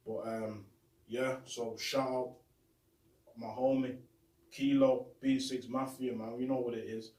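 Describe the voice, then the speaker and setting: A man's voice: medium pitch, darkish tone, distant mic. Young man, host, slang-heavy and repetitive, phone recording in a roomy bedroom set back from the mic. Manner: street slang, repetitive, heartfelt. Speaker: show host. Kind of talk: casual shout-out monologue. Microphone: phone camera.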